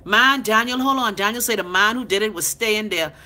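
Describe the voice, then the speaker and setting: A woman's voice: mid-range voice, fairly quick. A woman in her thirties with a Bahamian accent, ranting bluntly and profanely in a casual live chat while answering viewers. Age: 30s. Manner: blunt, profane, animated, talks back to commenters. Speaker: live-stream host reading comments. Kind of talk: unfiltered casual rant.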